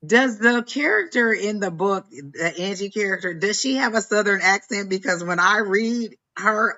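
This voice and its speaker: A woman's voice: medium pitch, normal speed, hardly any pauses, bright, forceful tone, highs cut off. A woman co-hosting a live stream, playful and teasing in casual chat. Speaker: co-host.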